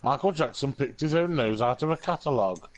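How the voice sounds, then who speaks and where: A man's voice: medium pitch, expressive, brisk, darkish tone. Profane, teasing man. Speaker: livestream chatter. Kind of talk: crude casual banter.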